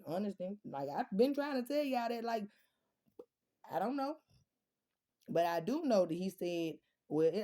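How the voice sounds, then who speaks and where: A woman's voice: fairly low pitch, warm tone. A woman, talking straight to her viewers in a casual monologue, blunt and profane, firing off rhetorical questions. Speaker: vlogger.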